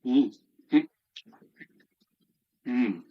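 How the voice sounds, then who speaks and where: A man's voice: mid-range voice, animated, drawn-out words, dull audio. A man hosting a casual live stream from his hobby room, chatting and greeting viewers by name while snacking. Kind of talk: casual chat while eating.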